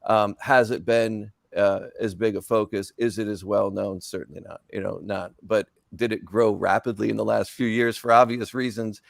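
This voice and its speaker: A man with a low, gravelly voice and a dry, close sound, speaking earnestly as a company executive on a webinar panel. He repeats words as he builds his points. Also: flat delivery, normal speed, hardly any pauses, no echo. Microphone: video call.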